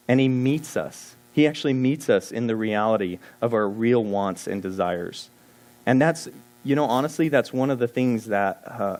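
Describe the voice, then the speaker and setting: A man's voice: fairly low pitch, darkish tone. A man giving a sermon as pastor, talking earnestly and conversationally, reading scripture passages aloud.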